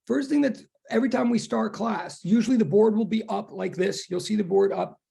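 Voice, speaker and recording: A physics instructor opens an online class in a loose, rambling way, often restarting sentences. The voice is gravelly with a dark, mellow tone. It comes through a video call mic. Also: medium pitch, fairly quick. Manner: chatty and rambling, with many restarts. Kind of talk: casual online class introduction.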